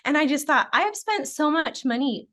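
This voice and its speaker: A woman in her thirties with a fairly high voice talks through her story in an earnest, rambling way. She fills her sentences with "like" and "just" and breaks into laughs often, sounding like a guest chatting on a live show. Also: lively intonation, moderate pace, a bit bright. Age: 30s. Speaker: guest, nutrition client. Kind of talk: casual interview chat.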